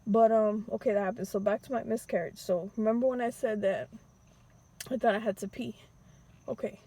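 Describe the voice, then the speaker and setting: A young woman tells a personal story in loose, slangy vlog talk. Her voice sits a bit high, husky and mellow. Now and then she acts out pleas in a higher, teary voice. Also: fairly even intonation, a little fast. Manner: emotional, re-enacting pleas in a high crying voice, slangy. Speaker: vlogger telling a personal story. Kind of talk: casual storytime.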